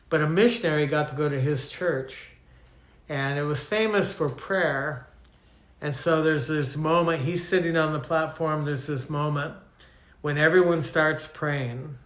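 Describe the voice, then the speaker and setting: Heard in an echoey room, an older Canadian man with a somewhat bright, high-leaning voice gives a teaching sermon. He tells stories in a conversational manner and asks his audience questions.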